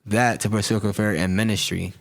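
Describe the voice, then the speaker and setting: A low-voiced man talks fast and casually, pressing his co-host with questions. The sound is dry and close, with no room around it. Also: flat delivery, creaky, dry recording. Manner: rapid questioning, slangy, steers the conversation. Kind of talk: casual chat.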